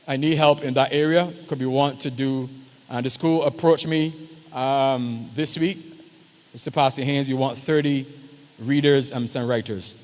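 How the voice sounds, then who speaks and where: A man, a pastor, speaking informally at a church youth service and often checking in with the audience. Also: mid-range voice. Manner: conversational, keeps checking in with the audience. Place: church hall. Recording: long hall reverb.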